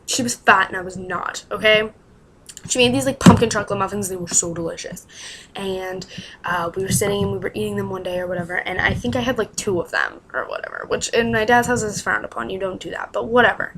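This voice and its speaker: A woman's voice: mid-range voice, steady tone, fast, noisy background. Young woman vlogging her life story, rambly, says like constantly, kinda exasperated. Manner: rambling, heavy use of "like", exasperated asides. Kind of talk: casual storytelling to camera.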